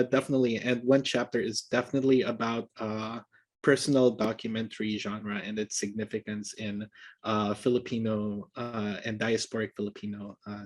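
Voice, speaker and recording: A man, a film director, answering interview questions over a video call, hesitant with many ums and small laughs. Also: on the low side.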